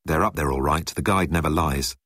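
Calm know-it-all buddy, narrator voicing him, low husky voice. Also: male voice, fairly quick, no echo, clean studio sound. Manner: calm, matter-of-fact. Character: cool knowing young man.

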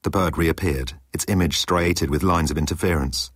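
A man narrating an audiobook in an expressive reading style. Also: low-pitched, normal speed, few pauses, no room sound, studio quality. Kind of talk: scripted narration.

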